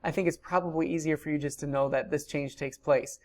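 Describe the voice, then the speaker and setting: A woman's voice: low-pitched, fairly even intonation, a little fast, a little mellow. A woman giving a recorded grammar lecture, explaining patiently with frequent ums. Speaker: Hebrew teacher.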